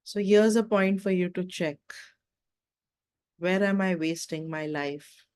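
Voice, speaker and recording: A woman's voice: on the low side, takes it slowly, darkish tone, clean tone. A woman hosting a spiritual wellness talk, telling a fable and asking the listener reflective questions. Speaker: meditation talk host.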